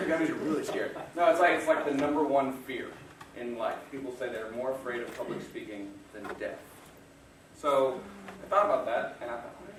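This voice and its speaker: This man's voice is mid-range, heard against a noisy background through a distant mic in an echoey room. As a guest speaker, he gives an audience a motivational talk full of self-deprecating stories and frequent chuckles.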